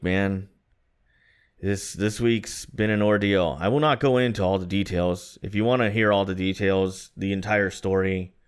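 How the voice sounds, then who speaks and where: A man's voice: on the low side, smooth. A man co-hosting a podcast, chatting casually and rambling a bit with lots of "like" and "man". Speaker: podcast co-host. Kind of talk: casual chat.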